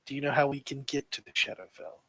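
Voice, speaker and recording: A man's voice: medium pitch, level tone, fast talker, bright, forceful tone, dry recording, low-quality recording. A man playing a druid character in a tabletop game, speaking earnestly and directly. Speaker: player. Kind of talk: tabletop role-play.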